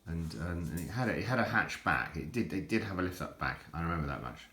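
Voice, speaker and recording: Deep-voiced older man rambling in an echoey room. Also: animated, fast, sharp tone. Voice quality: deep, self-described nappy voice. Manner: rambling, stammering repeats. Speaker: collector showing items. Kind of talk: casual rambling vlog.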